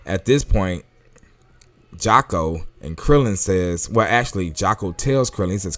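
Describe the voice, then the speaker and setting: A man's voice: low voice, animated, measured pace, a bit bright, no room sound. Laid-back man reviewing manga. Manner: casual, chatty, laughs often. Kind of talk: casual chat. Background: faint music.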